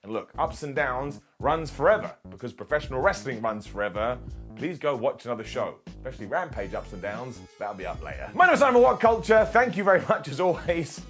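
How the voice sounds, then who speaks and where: A man hosting a casual wrestling review, sarcastic, animated and joking. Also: mid-range voice, brisk, soft background music.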